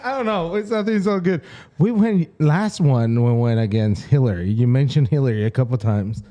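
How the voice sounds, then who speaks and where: Male podcast co-host, warm and dark tone, laughing anecdote teller. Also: medium pitch, normal speed. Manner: animated storyteller, laughs often, acts out quotes. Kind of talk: casual chat.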